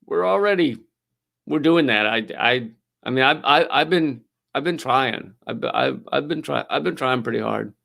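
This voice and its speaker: A man voicing a dim, weary male fighter who stammers apologetically in a lower voice. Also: lively intonation, normal speed, creaky, a bit bright. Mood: sheepish.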